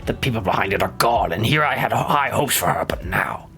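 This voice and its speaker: A man voicing a cold, menacing male crime boss who speaks low and hushed. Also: animated, a little fast.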